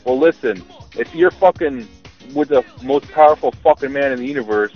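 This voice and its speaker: A man's voice: medium pitch, a little fast, soft background music. A man ranting profanely in a voicemail message to a podcast. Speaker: voicemail caller. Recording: muffled voicemail recording.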